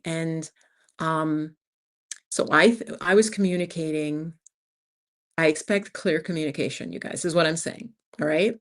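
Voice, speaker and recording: A woman in her fifties with a New York accent, hosting a casual livestream and talking frankly to her viewers as "you guys.". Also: low voice. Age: 50s. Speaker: channel host.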